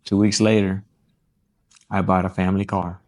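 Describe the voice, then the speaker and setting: A man's voice: deep voice, normal speed, dry recording, clean studio sound. A young man and pastor with a Texan accent, telling a family story in casual conversation and acting out other people's lines. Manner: animated storyteller who acts out quotes. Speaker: pastor and podcast host.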